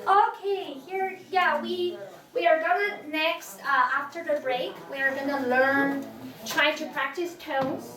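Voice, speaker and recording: Her voice is high and sharp as this Chinese language teacher patiently and slowly models tones for the class, dropping in frequent fillers. The noisy recording sounds distant, with heavy room echo.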